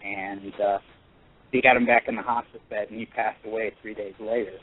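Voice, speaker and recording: A man calling in to a radio show, telling a personal story in an earnest, halting way with many pauses and restarts. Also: fairly low pitch, flat delivery, slightly rough. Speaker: caller. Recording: tinny phone line.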